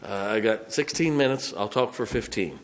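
A man preaching a sermon as pastor, rising to loud emphasis on scripture and dropping into folksy, chatty asides. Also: on the low side, moderate pace, big-room sound. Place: church sanctuary.

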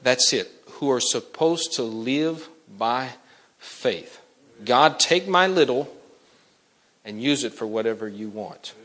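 A man's voice: medium pitch, a bit bright. A man preaching an impassioned sermon, urgently pressing the listeners and breaking into acted-out dialogue.

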